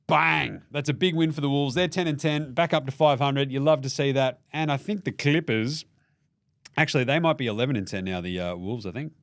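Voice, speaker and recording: A man's voice: mid-range voice, brisk, no room sound, studio quality. A man with an Australian accent hosting a casual basketball recap, ranting with a lot of swearing and jokes. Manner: profane, animated, jokey rant. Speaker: basketball show host.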